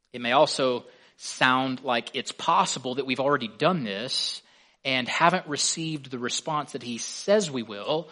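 A man delivering a sermon in an earnest pastoral voice of middle pitch. He leans hard into key words and lets them swell, then drops back to a calm, even teaching tone.

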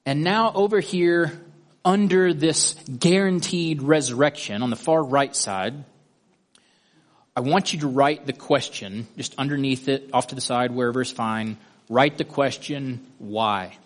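Methodical male Bible teacher. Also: mid-range voice. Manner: methodical, guiding listeners step by step through a drawing. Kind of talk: Bible study lesson.

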